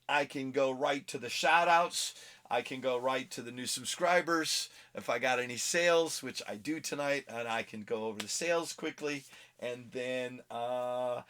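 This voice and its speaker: A man's voice: mid-range voice, fairly bright tone. Rambling, self-mocking male vlog host. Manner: rambling, easily sidetracked, laughs at himself. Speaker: comic book vlog host. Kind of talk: casual rambling vlog talk. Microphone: phone camera.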